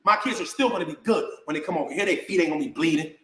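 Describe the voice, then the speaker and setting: A man's voice: fairly high pitch, racing, pushed and bright, echoey room. A man venting in a heated rant to the camera, indignant and repetitive, calling his viewers bro. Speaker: vlogger.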